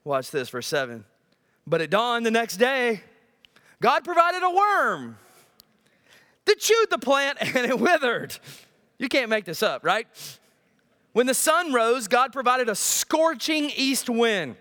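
A male pastor preaching a sermon in an animated, joking way, often asking the congregation questions. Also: very high voice, takes it slowly, pauses often.

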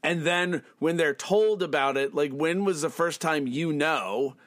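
A man's voice: a little high, a little slow, a bit bright, dry recording, clean studio sound. A man co-hosting a casual podcast, reading comic panels aloud and making pedantic asides about punctuation, laughing often. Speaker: podcast co-host.

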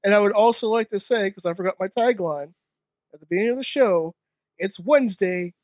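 A man's voice: high voice, fairly quick, darkish tone, no room sound. A man co-hosting a podcast, cracking goofy jokes. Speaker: podcast co-host. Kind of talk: casual chat.

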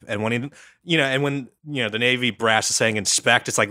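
A man's voice: medium pitch, normal speed, bright, forceful tone, no room sound, studio quality. A man co-hosting a podcast, telling a history story in a rambling, crude, casual way. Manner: rambling, crude, uses lots of "like".

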